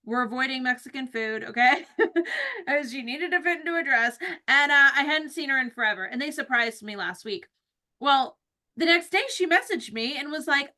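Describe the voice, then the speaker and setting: A woman's voice: sits high, very animated, moderate pace, bright, forceful tone. A woman hosting a team call, giving an emphatic motivational talk and often asking "right?". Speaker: host leading a team call.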